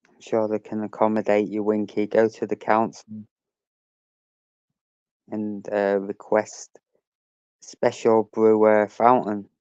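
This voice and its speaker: Guy hosting a live stream, chatty, calls out viewers by name, pretty monotone, dull lo-fi sound. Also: lowish voice, slow pace, long pauses, clear, resonant tone, no room sound. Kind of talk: casual live-stream chat.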